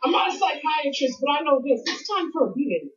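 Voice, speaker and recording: A woman in her thirties performing a brash, animated stand-up comedy set, working the crowd on a comedy stage. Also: high voice, a little fast, background noise. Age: 30s. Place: comedy club stage before a live audience. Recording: dull lo-fi TV broadcast.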